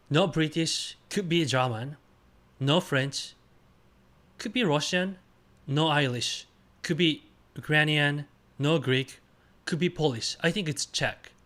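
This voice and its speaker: In a fairly high pitch, a man streams a guessing game and chats casually. He speaks in hesitant, simple phrases and lets out excited cheers in bursts.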